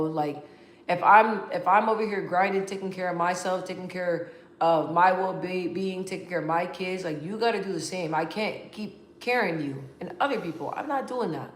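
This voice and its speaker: A woman's voice: fairly low pitch, normal speed. Young woman venting on her vlog, real and rambly, echoey room. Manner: candid, emotional, rambling with many restarts. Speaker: vlogger. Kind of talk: casual heartfelt vlog talk. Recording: roomy echo.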